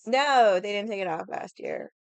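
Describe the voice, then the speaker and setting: A woman's voice: medium pitch, animated, normal speed, vocal fry, no room sound. A young woman chatting casually with viewers on a livestream, rambling, swearing freely and laughing often. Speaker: livestream vlogger.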